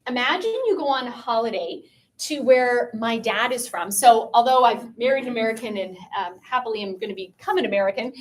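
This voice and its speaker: A woman from Canada giving a lecture to a student audience, chatty and lively, often asking the listeners questions. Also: fairly high pitch, brisk. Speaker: pro-life speaker. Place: room with a piano and a live audience.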